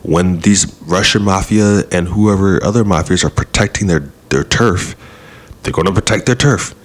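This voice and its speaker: A man delivering a heated, argumentative opinion rant full of rhetorical questions. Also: lowish voice. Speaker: podcast host.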